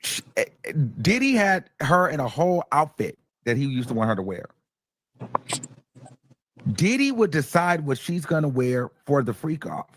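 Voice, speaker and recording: A man's voice: on the high side, normal speed, a little hiss or hum. Chatty man recapping a trial live. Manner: animated storytelling, acts out quotes, chatty with viewers. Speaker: host of a live commentary stream. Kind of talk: casual live-stream recap.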